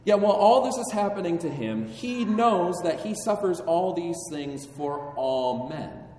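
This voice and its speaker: Slow male preacher in an echoey hall. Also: on the high side, a little mellow, distant mic, a little hiss or hum. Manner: measured, solemn delivery with rising emphasis. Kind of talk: sermon. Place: church sanctuary.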